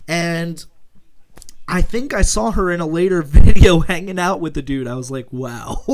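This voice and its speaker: A young man, a gaming YouTuber, chatting casually and rambling, with frequent laughs and jokes. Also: on the high side. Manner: rambling, laughing often, joking. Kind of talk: casual commentary over gameplay.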